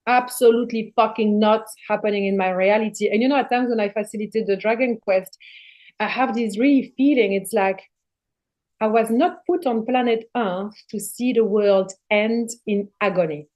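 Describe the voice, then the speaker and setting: A woman's voice: on the high side, moderate pace, darkish tone. Passionate, emphatic middle-aged woman. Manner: emphatic, passionate, swears freely. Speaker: podcast guest. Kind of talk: casual spiritual conversation.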